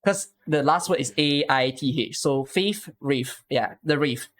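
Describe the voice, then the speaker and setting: Unhurried and fairly bright, a man's somewhat high voice leads a live-stream viewer through a game plan. He explains with patience, asking rhetorical questions again and again.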